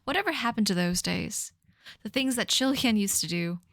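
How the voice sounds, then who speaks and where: A woman's voice: mid-range voice, lively intonation, normal speed, a bit bright, dry recording. A woman in her thirties reading her teenage fanfic aloud on a live stream, often breaking off to laugh and comment. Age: 30s. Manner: laughing at her own writing, mock-dramatic asides.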